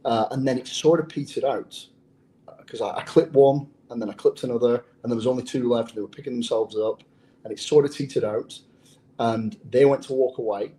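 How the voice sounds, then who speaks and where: A man's voice: medium pitch, fairly quick, dark tone, poor audio. An English man who is a former undercover police officer, telling a story in an interview in a blunt, profane way. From England.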